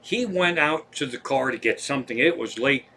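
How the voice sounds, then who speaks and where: A man's voice: mid-range voice, animated, normal speed, bright, forceful tone, slight background noise. A man, a comedian, telling rambling, profane travel stories on a livestream from home. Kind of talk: casual stand-up storytelling.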